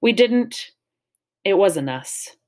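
A woman's voice: medium pitch, expressive, drawn-out words, a little mellow. A woman reading aloud voices an earnest, friendly young boy in a storybook, speaking in a slightly sheepish way.

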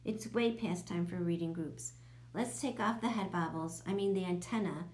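Patient, gentle young teacher in a storybook, read by a woman. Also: on the low side, normal speed, natural voice. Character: young female teacher, patient but frazzled.

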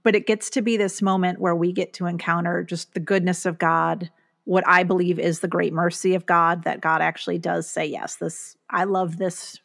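A woman's voice: fairly low pitch, flat delivery, a little fast, vocal fry, fairly bright tone. A middle-aged woman, a guest author, talking earnestly and reflectively in a casual podcast conversation, with plenty of fillers.

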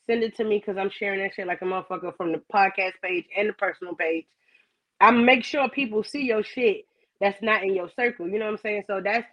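A man's voice: high-pitched, muffled recording. A man from New York guesting on a podcast, talking in a laid-back, profane, casual way and laughing often.

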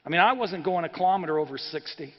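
Pastor putting on a grumpy defensive husband, echoey hall sound. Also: male voice, on the high side, expressive, quick pace. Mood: snappish. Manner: snappish, defensive. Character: irritable middle-aged husband caught speeding. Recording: reverberant church hall, dull sound.

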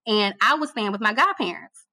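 A woman, a TV producer, tells a personal story on an interview show in a lively, colloquial way, calling the listener "girl" and repeating phrases for effect. Her voice is bright and forceful. The recording is close and dry. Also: medium pitch, fairly quick, no room sound. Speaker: guest, TV producer.

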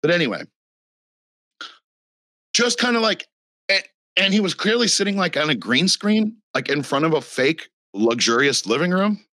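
A man's voice: on the high side, sing-song, normal speed, long pauses, sharp tone, no room sound. A man talking in a casual podcast chat, rambling and profane with lots of fillers.

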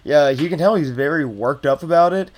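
A young man running a tabletop game as game master, describing scenes in a loose, relaxed way with lots of fillers. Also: fairly high pitch, a little fast.

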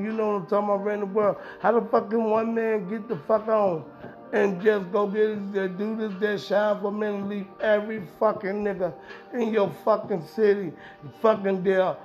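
A man with a high voice delivers a rambling, profane podcast monologue and hammers every point with emphasis. The recording is dull and lo-fi, with music clearly playing underneath. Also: darkish tone. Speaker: podcast host. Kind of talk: casual monologue. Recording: dull lo-fi sound with music behind.

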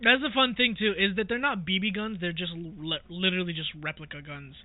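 A man chatting casually, telling a story and trailing off quietly. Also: sits high, fairly even intonation, fairly quick, no room sound. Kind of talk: casual chat. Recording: dry lo-fi phone-like sound.

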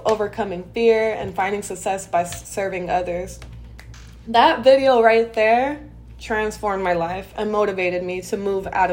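A young adult woman hosting a personal podcast, telling her own story in a candid, expressive way, often laughing and talking straight to her listeners. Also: medium pitch. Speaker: podcast host.

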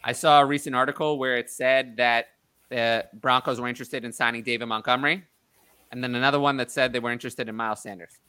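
A man hosting a casual sports talk show, opinionated and thinking out loud with frequent restarts. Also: medium pitch, steady tone, fast, smooth, no room sound. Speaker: podcast host. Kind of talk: casual fantasy football chat.

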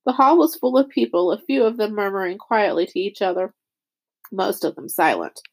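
A woman reading a chapter book aloud as narrator, raising her pitch for the characters' lines. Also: animated, moderate pace, darkish tone, slightly rough. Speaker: audiobook reader. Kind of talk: scripted narration.

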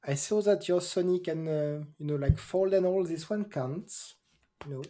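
A man's voice: on the high side, normal speed, warm tone. A man co-hosting a casual gaming chat show, offhand and questioning, sometimes searching for words. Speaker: podcast co-host.

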